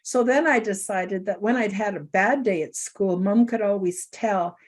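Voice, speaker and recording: A middle-aged woman hosting a talk show shares a personal story in an earnest, emotional way, growing tearful at times. Her voice sits at medium pitch and moves at normal speed.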